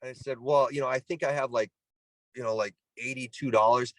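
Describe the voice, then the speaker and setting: Speaking fairly quickly at a medium pitch, a middle-aged Canadian man who used to play ball professionally shares a story as a guest in an informal interview. The audio is poor and has no room sound. He animatedly imitates the people he quotes and often starts his sentences over.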